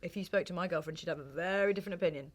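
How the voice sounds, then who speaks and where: A woman, hosting an interview with playful, teasing questions. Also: fairly low pitch. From Britain. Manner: teasing, quick-witted. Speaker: interviewer, presenter.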